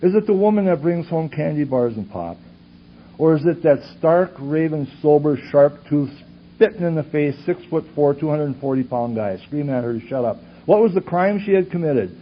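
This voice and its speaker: A man's voice: fairly high pitch, animated, normal speed. A man from Wisconsin giving a personal testimony from a conference podium, full of pointed rhetorical questions. His volume rises and drops sharply as he talks. The sound is a dull, lo-fi tape recording with a faint hiss underneath. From Superior, Wisconsin. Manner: earnest, rhetorical questions, swings from loud to hushed. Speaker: conference speaker sharing his story. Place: conference hall with audience.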